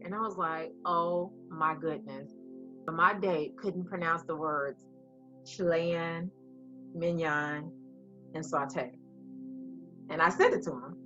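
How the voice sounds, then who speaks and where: A woman co-hosting a casual chat, telling a story in an animated way and acting out the voices of the people in it. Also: on the low side. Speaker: co-host. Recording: slightly muffled recording.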